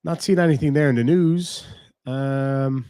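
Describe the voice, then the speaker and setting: A man's voice: medium pitch, measured pace, mellow, clear, resonant tone, no echo, clean studio sound. A man with a Cork Irish accent, chatting casually on a live stream, rambling and swearing freely as he thinks aloud. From Ireland.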